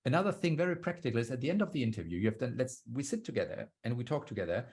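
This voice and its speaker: A man's voice: mid-range voice, lively intonation, racing, darkish tone, breathy edge. A man giving a talk on storytelling over a video call, explaining step by step and acting out quoted lines. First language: German. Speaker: guest speaker on storytelling.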